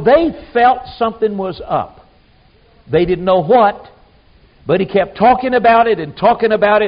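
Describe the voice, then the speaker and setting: A man preaching a sermon in a folksy, emphatic way, acting out the people he quotes. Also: sits high. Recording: dull lo-fi sound.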